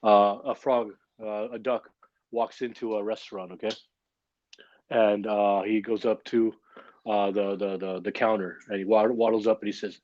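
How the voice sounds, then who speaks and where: A man's voice: fairly low pitch, little pitch movement, moderate pace, darkish tone, no echo, highs cut off. A man hosting a religious gathering on a livestream, in an upbeat and informal way that includes jokes. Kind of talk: casual livestream announcing. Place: online livestream.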